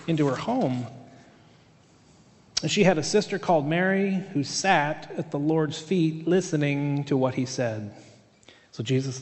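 A man's voice: on the high side, a little mellow. A male pastor preaching a sermon in a conversational way, with fillers and restarts. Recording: long hall reverb.

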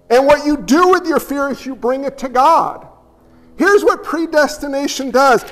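A man preaching a sermon in a church, talking in an animated, emphatic and blunt way. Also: very high-pitched, big-room sound. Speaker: pastor.

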